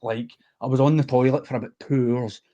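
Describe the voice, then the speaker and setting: A man's voice: mid-range voice, steady tone, a little fast, warm tone, highs cut off. Earnest Scottish man telling his story. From west of Scotland. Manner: earnest, heartfelt, unguarded. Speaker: guest. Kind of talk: candid personal storytelling in a podcast interview.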